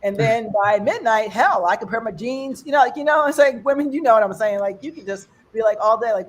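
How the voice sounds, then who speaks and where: An older American woman doing a stand-up comedy set for an online fundraiser. She talks in a rambling, conversational way and jumps her pitch up high when she mimics other people's accents. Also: animated, fairly quick, hardly any pauses. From United States.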